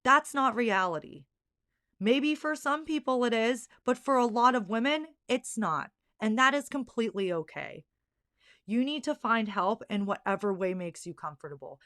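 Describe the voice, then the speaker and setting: A woman's voice: on the high side, expressive, normal speed, sharp tone, no room sound, clean studio sound. A young woman hosting her own podcast, speaking candidly and earnestly, getting worked up and emphatic about the subject. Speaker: podcast host. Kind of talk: candid solo podcast talk.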